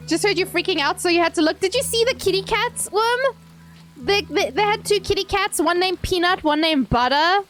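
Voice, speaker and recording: A woman VTuber streaming a game in casual live commentary, excitable and squealing, swearing freely into a desk microphone. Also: very high-pitched, normal speed, soft background music.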